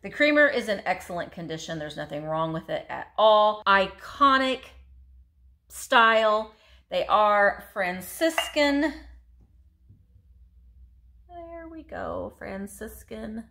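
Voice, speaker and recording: A woman's voice: mid-range voice, sing-song, measured pace, gravelly, sharp tone, a little hiss or hum. A woman reselling vintage, showing off her finds in a chatty, gushing haul video. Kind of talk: casual show-and-tell haul video.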